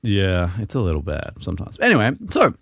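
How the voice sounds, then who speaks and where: A man hosting a casual podcast chat, explaining comic lore with laughs, swearing and quick acted-out asides. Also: deep voice, wildly swooping pitch, creaky, fairly bright tone, dry recording, studio quality.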